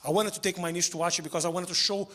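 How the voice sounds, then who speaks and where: A man doing stand-up, animated and acting out quick voices on a club stage. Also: high voice. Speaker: stand-up comedian. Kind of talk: stand-up comedy set. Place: comedy club stage with audience.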